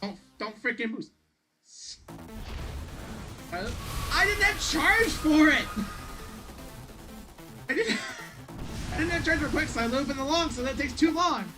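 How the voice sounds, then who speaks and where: A woman streaming a video game, frustrated, swearing and shouting at the game as she plays. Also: sits high, lively intonation, normal speed, pauses often. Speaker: gaming streamer. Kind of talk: live gameplay commentary. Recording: game music playing behind.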